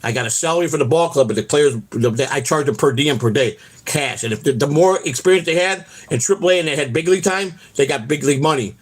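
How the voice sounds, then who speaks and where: A man's voice: a little high, expressive, quick pace, hardly any pauses. A middle-aged man, hosting his show, telling boastful stories in a brash, profane, rambling way. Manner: brash, boastful, swears constantly. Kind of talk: profane storytelling on a livestream.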